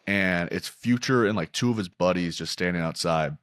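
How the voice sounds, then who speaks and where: Young man, very low voice, dry sound, casual sports talk, swears freely, animated storyteller. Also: smooth, no echo. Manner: profane, animated storytelling with quick asides. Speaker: podcast host. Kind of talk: casual sports betting chat.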